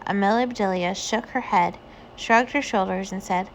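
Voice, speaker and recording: A woman reading a children's picture book aloud, with gentle storytelling. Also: medium pitch, normal speed, slight background noise. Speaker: reader.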